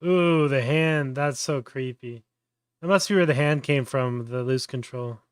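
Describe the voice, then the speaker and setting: A man's voice: medium pitch, unhurried, smooth, no room sound, studio quality. Casual man talking through a tutorial. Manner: thinks aloud, many fillers and restarts. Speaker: host.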